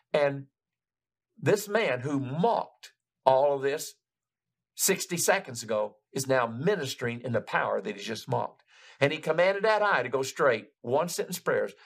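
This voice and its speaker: A male preacher telling a testimony in a sermon, with animated, emphatic storytelling and frequent restarts. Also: a little high, unhurried, creaky.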